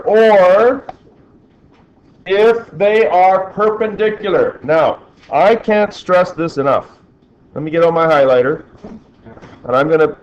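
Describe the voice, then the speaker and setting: A man's voice: sits high, lo-fi sound. A male teacher in a classroom, talking through problems and asking the class questions as he works. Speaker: physics teacher.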